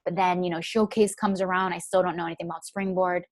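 A woman's voice: fairly low pitch, level tone, quick pace, no echo. A young woman telling a personal story in a chatty way, filling her speech with "like". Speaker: guest.

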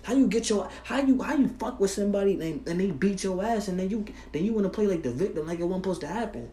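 A young man's high, mellow voice moves fast and expressively through a fiery, profane monologue to camera. He keeps saying "bro" and restarting his sentences. The recording carries a roomy echo with faint ambience.

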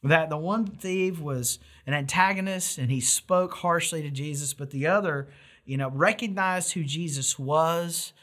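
A man's voice: a little high, fairly bright tone. A middle-aged man preaching a sermon in an earnest, emphatic way, with rhetorical questions and frequent restarts. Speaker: pastor.

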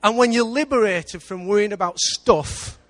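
A man with an English accent preaching a sermon in church, lively, with big swings between loud and quiet. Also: sits high, moderate pace. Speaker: pastor.

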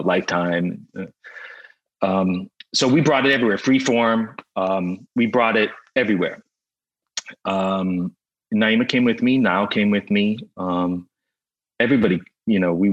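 A man telling the story of pitching his show in a casual interview, rambling with many fillers and restarts. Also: muffled recording.

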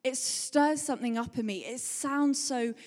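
Her delivery is conversational and animated as she preaches, spilling out everyday anecdotes in quick bursts. The woman's voice sits on the higher side, and a lingering church-hall reverb hangs in the background of the sermon.

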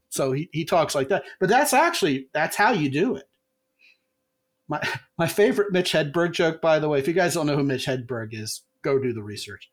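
A man hosting a podcast in casual chat, telling animated stories and acting out quotes in a raised voice. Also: on the high side, moderate pace.

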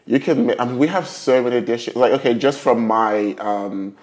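A young man from Nigeria hosts a relaxed podcast conversation. He talks in an animated, chatty way with lots of fillers. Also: mid-range voice, normal speed. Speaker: podcast host. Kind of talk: casual chat.

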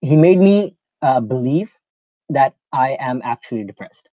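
A man's voice: medium pitch, lively intonation, a little slow, mellow, no echo, muffled recording. A young man from Pakistan hosting a casual podcast, telling a personal story in a rambling way full of "like" and fillers. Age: young adult. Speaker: podcast host.

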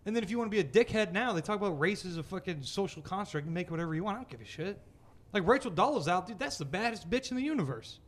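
A man in casual, profane chat with friends, animated and laughing often. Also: sits high, fast talker.

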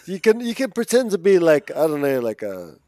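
A man's voice: fairly high pitch, wildly swooping pitch, brisk, dry recording. Rambling New Zealand podcast man. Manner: rambling, searching for words, trails off quietly. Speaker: podcast co-host. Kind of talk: casual chat.

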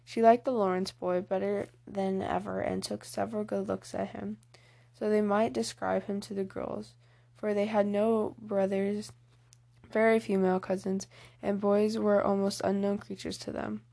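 A woman's voice: medium pitch, level tone, normal speed, gravelly, dark tone. A woman narrating a classic novel in a casual, unpolished read-aloud. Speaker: reader. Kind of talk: amateur audiobook narration.

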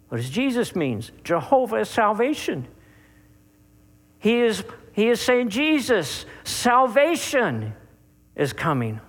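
A man preaching a sermon, speaking to his listeners directly and stressing key words by drawing them out, with sharp rises and drops. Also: high-pitched. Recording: long hall reverb.

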